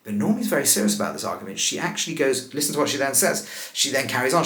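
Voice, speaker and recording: A man, a rabbi, teaching scripture in a lively way, asking rhetorical questions and laughing at the text. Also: mid-range voice, racing, echoey room. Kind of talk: animated scripture lesson.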